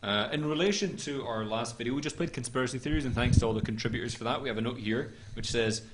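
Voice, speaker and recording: A man's voice: mid-range voice, quick pace, few pauses, background noise. A man hosting a comedy talk show, reading viewer notes in a dry, mock-formal way.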